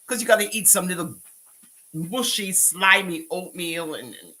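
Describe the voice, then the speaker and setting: A woman's voice: fairly low pitch, normal speed, sharp tone, low-quality recording. A woman with a Jamaican accent doing a live-stream commentary, scolding people and talking back to her chat with patois phrases mixed in.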